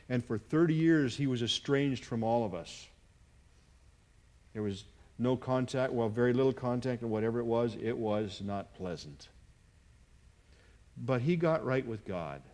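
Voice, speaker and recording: A middle-aged man preaching a sermon, earnest, moving between hushed and emphatic delivery. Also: medium pitch. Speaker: pastor.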